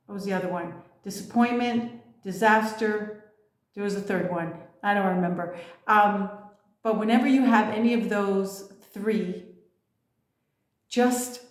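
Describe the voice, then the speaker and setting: Blunt, swearing woman in an echoey room. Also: mid-range voice. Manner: blunt and profane, emphatic. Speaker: spiritual coach. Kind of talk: casual motivational monologue.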